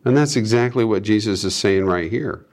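A man's voice: lowish voice, moderate pace, a little mellow. A man reading Bible passages aloud and breaking in with casual comments, co-hosting a discussion. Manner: reads scripture aloud, then adds asides. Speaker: Bible study co-host.

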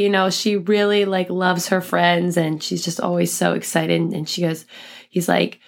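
A woman's voice: on the low side, flat delivery, normal speed, vocal fry. A woman in her thirties, a mother and PE teacher, casually telling a personal story with many asides and quoted thoughts. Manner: chatty, lots of "like" and quoted inner thoughts. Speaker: podcast host, mother and PE teacher.

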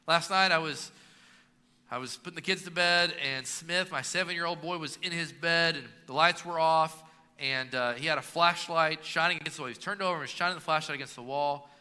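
Pastor, man in his 30s, sermon delivery, bright and slightly high voice, reverberant sanctuary. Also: fairly quick, clear, resonant tone. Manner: preaching with emphatic rising and dropping delivery. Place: church sanctuary. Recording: long reverb of a church hall.

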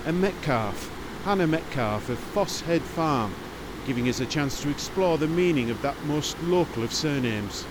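A man hosting a podcast in measured, explanatory scripted narration. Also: fairly high pitch, expressive, background noise. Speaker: podcast host. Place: large circular museum room. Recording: reverberant space.

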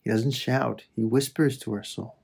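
Calm, husky male prayer voice. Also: mid-range voice. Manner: slow, reflective, with soft pauses. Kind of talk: meditative spoken prayer.

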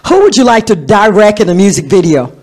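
A woman's voice: mid-range voice, very animated, fast talker, a little mellow. A woman hosting a radio show with kids, playful and teasing, laughing often.

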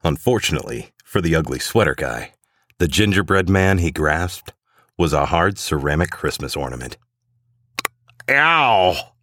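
Male storyteller, extremely deep and dry, steady even read. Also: moderate pace, no room sound. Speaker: narrator. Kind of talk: storybook narration.

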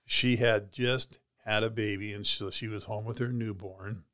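A man's voice: on the low side, fairly even intonation, a little slow, fairly bright tone. A man, a heart transplant recipient, casually retelling a personal story in an interview, rambling with many "you know"s and "she goes".

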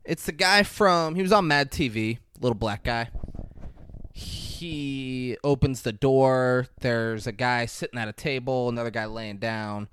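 A man's voice: mid-range voice, a little slow, clean tone. A man co-hosting a casual podcast, recapping a film and acting out its lines in big voices. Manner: animated, acts out quotes in big voices. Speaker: podcast co-host.

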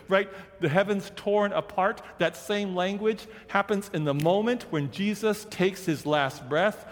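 Man, sermon, lively talk, slows for scripture, slow pace, reverberant sanctuary. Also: a little high. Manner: animated, conversational preaching that slows for quoted scripture. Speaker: preacher. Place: large church sanctuary. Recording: long reverb of a big hall.

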